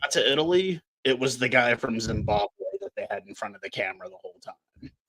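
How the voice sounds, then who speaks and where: A man's voice: medium pitch, animated, a little fast, a bit bright. A man from Canada co-hosting a casual podcast, talking bluntly and ranting with plenty of swearing. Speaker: podcast co-host. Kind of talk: casual chat.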